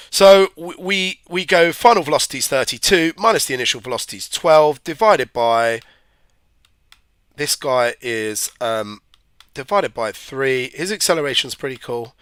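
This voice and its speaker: A man's voice: a little high, fairly bright tone, no room sound, clean studio sound. A man with hay fever, giving a chatty, rambling live-stream physics revision lesson and talking to his viewers. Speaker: physics tutor.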